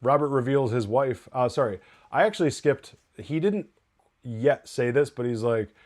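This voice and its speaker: Male TV review host, casual and excitable, swears freely, fills with "um" and "like". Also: mid-range voice, normal speed. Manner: excited, loose and profane, with many fillers. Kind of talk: casual live TV episode review.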